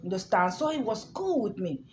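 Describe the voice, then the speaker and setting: A woman's voice: medium pitch, sing-song, fairly quick, slight background noise. Emphatic woman in an echoey room. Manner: repetitive, emphatic, often checking in with "understand?". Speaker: storyteller recounting her own experience. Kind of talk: casual personal storytelling. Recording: echoey room with faint music.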